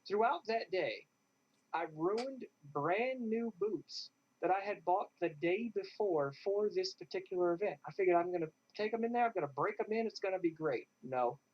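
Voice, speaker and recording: A man, a guest in an interview, telling a lively story and acting out what others said. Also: high voice, moderate pace. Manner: animated, acts out what others said. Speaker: interview guest, airsoft player. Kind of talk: casual storytelling. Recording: dull lo-fi sound.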